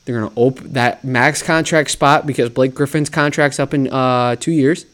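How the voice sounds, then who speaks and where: A man's voice: mid-range voice, fairly even intonation, moderate pace, fairly bright tone. A man hosting a solo sports talk show, riffing and mocking himself with lots of rhetorical questions. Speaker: sports podcast host.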